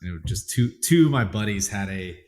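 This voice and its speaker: A man hosts a podcast in a casual, chatty way. His voice sits on the low side, and he wanders through his anecdotes with loose, rambling phrasing. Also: lively intonation, brisk, darkish tone. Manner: rambling anecdotes, lots of fillers and restarts. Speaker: podcast host. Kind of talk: casual chat.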